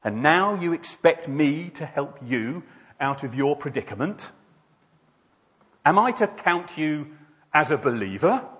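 A man's voice: a little high, lively intonation, a little slow, fairly bright tone, voice pushed up. A man preaching voices God speaking from the sky, stern and rebuking, in a hall with long reverb.

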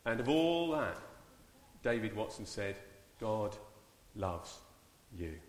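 A man leading a church service in an informal, halting way, often repeating his words. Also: on the low side, very animated, a little hiss or hum. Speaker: church leader. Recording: echoey church hall, far mic.

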